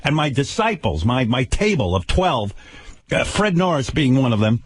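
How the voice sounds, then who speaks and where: A man's voice: mid-range voice, sing-song, normal speed, slightly rough, dry recording. An older man hosting a radio show, ranting with profane sarcasm and stammered repeats. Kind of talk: angry on-air rant. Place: radio studio.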